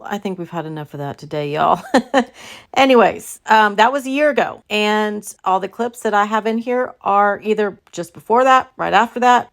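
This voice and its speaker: A woman's voice: mid-range voice, creaky. A woman with a Southern US accent hosting a commentary video, chatty and exasperated. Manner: chatty, exasperated, uses filler words. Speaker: commentary channel host. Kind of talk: casual commentary.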